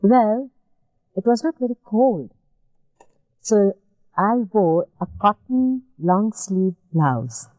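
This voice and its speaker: Slow, mellow-voiced woman recalling memories. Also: medium pitch, lively intonation, no room sound, rough recording. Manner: gentle, measured storytelling with repeated phrases. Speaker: interviewee. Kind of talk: oral history reminiscence.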